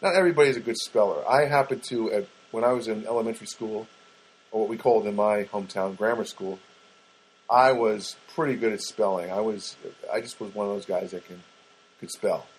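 Husky-voiced man telling a rambling story. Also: lowish voice, a little fast, rough recording. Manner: rambling, many fillers and restarts; chatty, addresses listeners directly. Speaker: podcast host. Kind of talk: casual storytelling monologue.

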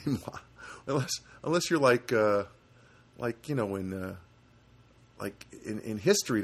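Give me a sarcastic, rambling man with a lively voice. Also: mid-range voice. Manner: rambling, sarcastic, many restarts. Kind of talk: comedic rant monologue.

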